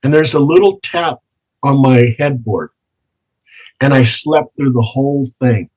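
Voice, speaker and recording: A man who investigates the paranormal, telling ghost stories slowly and dramatically as an interview guest. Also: medium pitch, a little mellow, low-quality recording. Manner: slow, dramatic storytelling with drawn-out words. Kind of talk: storytelling in an interview.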